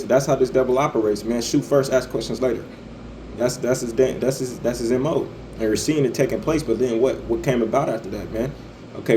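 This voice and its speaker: A man's voice: medium pitch, mellow, a little hiss or hum, poor audio. Rambling, stammering man ranting. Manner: stammering, repeats "man" and "right", swears freely. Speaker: online commentator. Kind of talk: profane religious-political rant.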